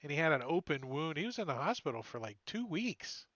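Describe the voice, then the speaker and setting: Lively, bright-voiced man running a game. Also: fairly high pitch, brisk, dry recording. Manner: laughing, animated, with filler words. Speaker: dungeon master. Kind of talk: narrating a tabletop game. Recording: dull lo-fi stream audio.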